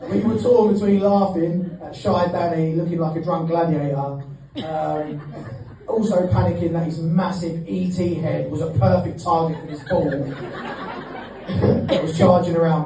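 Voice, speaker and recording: A man's voice: a little high, steady tone, normal speed, noisy background. Joking best man in echoey hall. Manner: joking, teasing, laughing between lines. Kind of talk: wedding speech. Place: wedding reception hall. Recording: echoey hall, mic at a distance.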